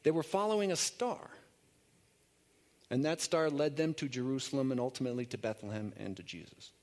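A man's voice: medium pitch, brisk. Man preaching in loose storytelling style. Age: adult. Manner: relaxed storytelling, loose with fillers and restarts. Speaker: pastor. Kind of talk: conversational sermon.

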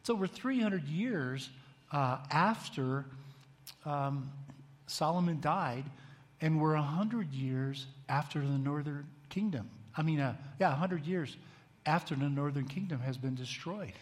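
A man's voice: fairly high pitch, animated, a little slow. A man giving a conversational bible teaching, often asking the room questions and raising his voice when he reads scripture aloud. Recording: long hall reverb.

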